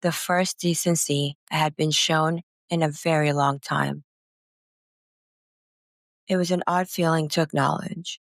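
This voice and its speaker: Slow low-voiced woman reading a memoir. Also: steady tone, no echo, clean studio sound. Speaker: narrator. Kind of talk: first-person memoir narration.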